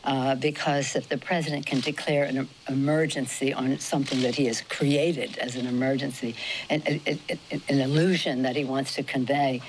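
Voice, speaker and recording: Deliberate female politician speaking publicly. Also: a bass voice, a little hiss or hum, low-quality recording. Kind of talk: public speech.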